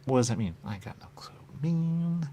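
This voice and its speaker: A man hosting a radio show, talking in a rambling, repetitive monologue with muttered asides and sudden loud bursts. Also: on the low side, quick pace, slightly rough. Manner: repetitive, playful, muttering asides, wide swings in loudness. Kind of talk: rambling stream-of-consciousness monologue.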